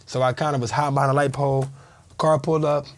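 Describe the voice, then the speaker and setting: A man's voice: mid-range voice, quick pace. A man in his thirties, a former pro football player, telling a story in a casual interview and acting out the people in it. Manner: animated storyteller, acts out quoted voices.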